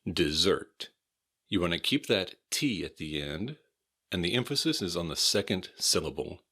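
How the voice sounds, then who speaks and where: Deep, slow American pronunciation teacher. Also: male voice, pushed and bright. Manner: repeats each word slowly and clearly. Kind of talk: slow, careful pronunciation lesson.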